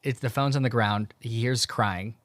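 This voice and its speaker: A young man hosting a podcast, retelling a story in a relaxed, casual way with lots of fillers and quoted dialogue. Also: medium pitch, normal speed, no room sound. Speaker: podcast host. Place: home in Tucson.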